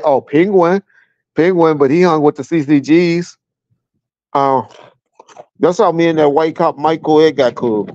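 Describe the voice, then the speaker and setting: Chuckling as he goes, this middle-aged guest from Southern California tells crude, blunt tales of his time as a cop during a relaxed livestream chat. His voice is fairly high with a darkish tone, and the recording from his home, where a fan runs, is muffled and echo-free.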